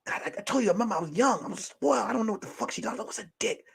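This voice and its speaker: Male streamer host: high, very lively voice, profane storyteller, from whispers to shouts. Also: racing, vocal fry, slightly rough. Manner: animated, profane, swings from hushed whispers to shouting. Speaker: show host. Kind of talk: casual storytelling on a livestream.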